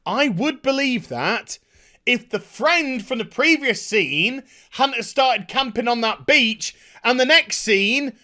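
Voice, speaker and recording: A man's voice: very high-pitched, animated, slow pace, pushed and bright. A man ranting sarcastically in a review vlog, exasperated and swearing a lot. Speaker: TV episode reviewer.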